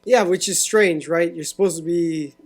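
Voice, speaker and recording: Relaxed, fairly high-voiced podcast co-host. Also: male voice, moderate pace. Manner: relaxed, agreeable, lots of mm-hmms. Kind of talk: casual chat.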